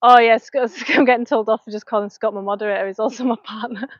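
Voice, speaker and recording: Lancashire woman in her thirties, fitness coach live-streaming from home, slightly high voice, frank and chatty between reps, dry dull lo-fi sound. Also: steady tone, fast talker, no echo. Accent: Lancashire English. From North West England. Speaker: fitness coach and personal trainer. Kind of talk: live-stream chat while working out. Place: home, indoors. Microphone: small clip-on mic.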